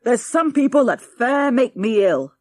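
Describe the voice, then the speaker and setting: A woman voicing a cantankerous old great-grandfather who talks in a gruff, barking way, in a storybook reading. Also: mid-range voice, lively intonation, measured pace, a bit bright, no echo.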